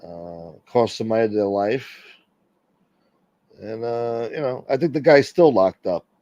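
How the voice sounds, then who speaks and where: A man's voice: fairly low pitch, measured pace, dark tone, no room sound, lo-fi sound. A man hosting a casual livestream, reading out chat and rambling crudely with lots of swearing.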